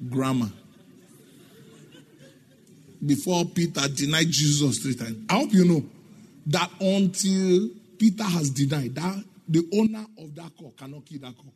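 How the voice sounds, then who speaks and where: A middle-aged pastor with a voice on the high side and a darkish tone preaches a sermon in an emphatic, sing-song style. He asks the congregation questions and acts out the dialogue in his stories.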